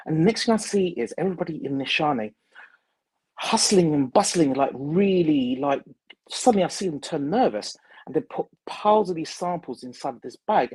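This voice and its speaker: Male guest, excitable storyteller who stumbles over words; dry close sound. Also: medium pitch, no room sound, rough recording. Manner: animated, halting, many fillers and restarts. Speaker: perfumer. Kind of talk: storytelling in an interview.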